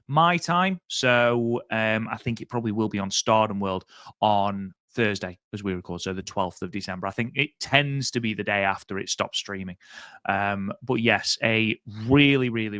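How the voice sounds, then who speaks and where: A man's voice: fairly low pitch, a bit bright, no room sound. A man co-hosting a podcast over a remote link, chatting casually in a rambling, self-deprecating way full of ums. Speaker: podcast co-host.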